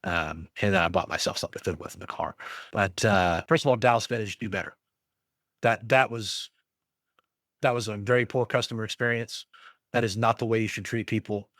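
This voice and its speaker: A middle-aged man telling a story in casual chat, ranting in an animated way and acting out both sides of an argument with a shop clerk. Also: on the low side, fairly quick, dry recording, studio quality. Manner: frequent restarts and fillers when worked up. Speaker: podcast co-host.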